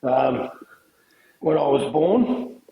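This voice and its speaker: A man's voice: mid-range voice, expressive, extremely slow, creaky, mellow. A middle-aged man with an Australian accent, a podcast guest telling stories in casual chat, laughing often. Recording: echoey room with noise.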